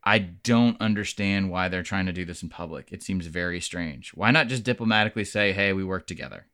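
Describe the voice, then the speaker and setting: A man's voice: sits low, brisk, bright, forceful tone, no echo, studio quality. A man co-hosting a casual sports talk show, blunt and opinionated, swearing freely as he argues his point. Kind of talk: casual sports podcast debate.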